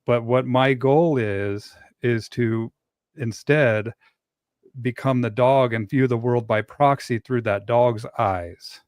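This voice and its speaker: A man talks in a relaxed podcast chat, his pitch sitting in the middle range. He explains his ideas slowly and reflectively. The recording sounds dry and close, with no room echo. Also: clear, resonant tone. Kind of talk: casual podcast conversation.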